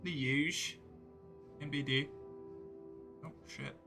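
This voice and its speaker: A man's voice: on the high side, fairly even intonation, slow pace, over music. A man in his forties chatting casually and profanely while streaming a game, rambling and cutting himself off mid-thought. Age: 40s. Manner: rambling, profane, self-interrupting. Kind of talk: casual live-stream chat while gaming.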